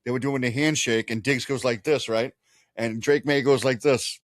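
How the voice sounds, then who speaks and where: A man's voice: mid-range voice, steady tone, moderate pace, no echo, studio quality. A man co-hosting a casual sports podcast, rambling through loose, profane analysis and laughing often. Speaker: podcast co-host.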